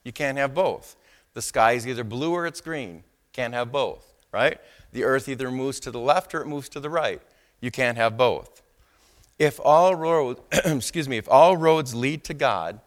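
Man preaching with slow emphatic stresses. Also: mid-range voice, a bit bright. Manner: asks the congregation for response. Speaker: pastor. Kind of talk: sermon.

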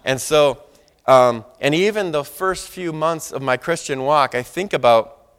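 A man's voice: on the high side, unhurried, a bit bright, smooth. A middle-aged man preaching a sermon as pastor, talking conversationally, telling personal stories and often asking the congregation "Amen?". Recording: long hall reverb.

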